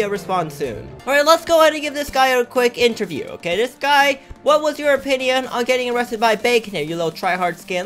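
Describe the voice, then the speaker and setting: A man giving excitable, trash-talking commentary over his own gameplay as a gaming YouTuber. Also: high voice.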